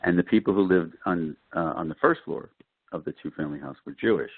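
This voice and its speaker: A middle-aged man from Brooklyn, an actor telling lively stories as an interview guest. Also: brisk, slightly rough, dry recording. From Brooklyn, New York. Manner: animated storyteller, lively pitch jumps. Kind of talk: casual interview. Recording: dry, tinny phone-like line.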